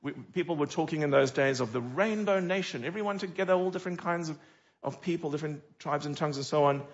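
A middle-aged man preaching a sermon as a pastor, animated and full of dramatic rhetorical questions. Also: a little high, fast talker, muffled recording.

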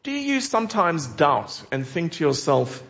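Man, preacher, sermon, earnest, emphatic, rather high voice, muffled lo-fi sound. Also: big pitch swings, measured pace, creaky, a bit bright. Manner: earnest, emphatic, asks the listeners direct questions. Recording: dull lo-fi recording.

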